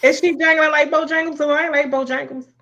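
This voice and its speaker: A woman's voice: high-pitched, steady tone, fast talker, pushed and bright. A woman from Baltimore hosting a casual chat, blunt and joking with lots of slang. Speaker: host. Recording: dull lo-fi sound.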